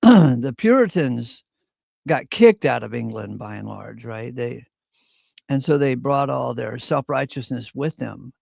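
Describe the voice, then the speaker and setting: Gravelly man, opinionated. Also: medium pitch, lively intonation, a little slow, a little mellow, no echo, clean studio sound. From Virginia. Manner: opinionated storyteller, clears throat often. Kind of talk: casual chat.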